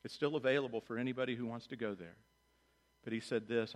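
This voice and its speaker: A man preaching a sermon as pastor, animated, acting out quoted voices and dropping low and quiet for solemn lines. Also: fast. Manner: animated, acts out voices of God and children in quotes.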